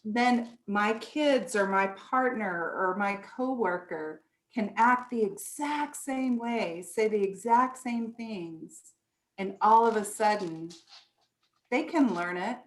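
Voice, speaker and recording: A woman leads a workshop in a slow, deliberate way, explaining ideas step by step. Now and then she acts out everyday thoughts to make her point. Her voice carries a noticeable room echo. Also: medium pitch. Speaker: presenter. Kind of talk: online workshop talk. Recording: echoey room.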